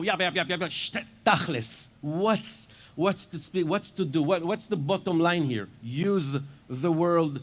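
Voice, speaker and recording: Blunt Israeli man speaking on stage. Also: a little high. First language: Hebrew. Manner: blunt, emphatic, quick-talking. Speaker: conference speaker. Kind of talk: energetic stage talk with audience Q&A. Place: conference stage.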